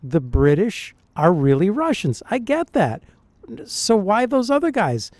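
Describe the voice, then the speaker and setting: A man, a dialect coach, reacting to film clips and thinking aloud in a puzzled, animated way. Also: high-pitched, measured pace, no room sound. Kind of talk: reaction commentary.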